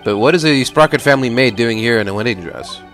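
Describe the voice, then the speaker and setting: A man voicing a laid-back adult lawyer who runs his agency and talks in a dry, low-key way. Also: quick pace, a bit bright, soft background music, lightly acted. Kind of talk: fan voice-over of a video game.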